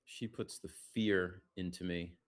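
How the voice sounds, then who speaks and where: Speaking a little slowly with fairly even intonation, a man gives chatty, casual live commentary on a backgammon match. He reads out viewer comments and keeps his voice down so the players won't hear.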